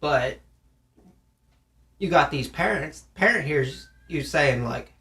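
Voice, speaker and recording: A man from the American South in casual conversation, animated, acting out stern parents in his stories. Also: fairly high pitch, a little slow, pauses often. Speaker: podcast co-host. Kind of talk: casual chat.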